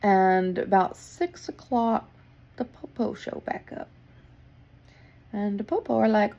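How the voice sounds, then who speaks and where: A woman's voice: mid-range voice, animated, a little slow, vocal fry, a little mellow. A young woman who works at a hotel, telling a story in a blunt, casual way with plenty of swearing and a tired, wry tone. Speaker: hotel worker.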